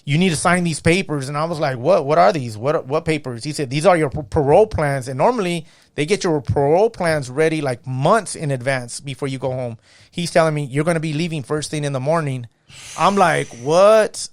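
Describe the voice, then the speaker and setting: Man telling his story, lively and dry. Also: fairly high pitch, no echo. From San Gabriel Valley, California. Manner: animated storyteller, acts out quoted voices, fillers like "you know what I mean". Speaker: podcast guest. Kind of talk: casual storytelling interview. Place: podcast studio.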